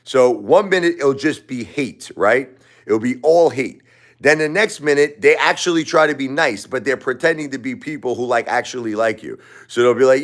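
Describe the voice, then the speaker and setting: A man's voice: mid-range voice, normal speed. A grieving man hosting a livestream, rambling and repeating himself with emotion. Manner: repetitive, emotional, repeats phrases, chuckles between lines. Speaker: livestream host.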